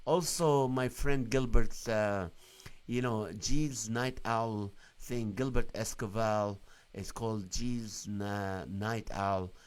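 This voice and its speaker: A man's voice: on the low side, steady tone, slow pace, smooth. A man hosting a live Christian stream, preaching earnestly and asking his viewers many rhetorical questions.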